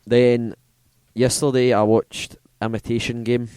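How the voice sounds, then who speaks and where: A man's voice: medium pitch, level tone, measured pace, a little mellow, smooth, no room sound. A man co-hosting a casual podcast chat, enthusiastic and swearing casually. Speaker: podcast co-host.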